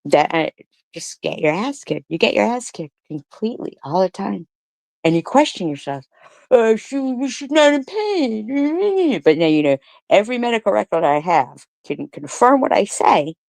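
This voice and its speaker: A commentary streamer with a lowish, darkish voice and vocal fry reads comments aloud and rants in response, mocking critics with profanity and sarcastic rhetorical questions. Her intonation is lively, her speed normal, and there's no echo.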